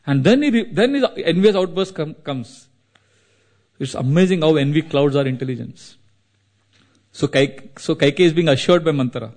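Animated male preacher, fairly high voice. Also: normal speed. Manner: animated storyteller, laughs often. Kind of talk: devotional sermon storytelling.

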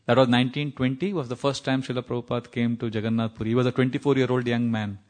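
Speaking fast in a mid-range, slightly mellow voice with little pitch movement, this man from India teaches scripture with an Indian accent. As a spiritual teacher, he tells stories, recites Sanskrit verses, and occasionally laughs.

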